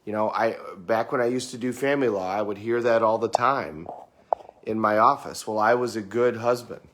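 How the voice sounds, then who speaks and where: A man's voice: on the low side, moderate pace, background noise. A middle-aged man giving a conversational motivational talk, often repeating words as he goes. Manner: conversational, repeats words, acts out quoted clients. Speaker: motivational speaker.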